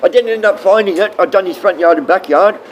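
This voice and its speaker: A man's voice: sits high, fast talker, a little hiss or hum, low-quality recording. A man with an Australian accent streaming live, rambling bluntly and swearing often as he talks to his chat.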